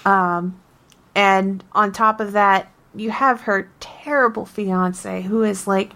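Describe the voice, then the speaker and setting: A woman co-hosting a casual game podcast, telling her story with emphatic, animated restarts. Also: medium pitch, takes it slowly. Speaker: podcast co-host.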